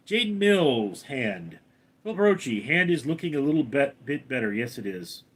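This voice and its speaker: A man's voice: mid-range voice, very animated, normal speed, slightly rough. A man hosting a casual live stream, reading out viewer names and comments and answering them briefly. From Los Angeles, California. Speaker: livestream host reading chat.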